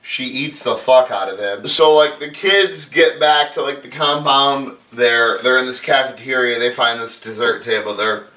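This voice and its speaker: A man's voice: medium pitch, moderate pace, hardly any pauses, pushed and bright, recorded from a distance. A man giving a crude, sarcastic comedic recap of a movie, swearing constantly. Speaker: podcast host. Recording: echoey room, off mic.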